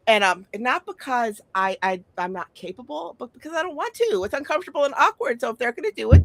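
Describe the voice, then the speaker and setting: A woman telling stories in casual chat as host, animated and swearing, acting out quotes. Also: fairly high pitch, fairly quick, dry recording.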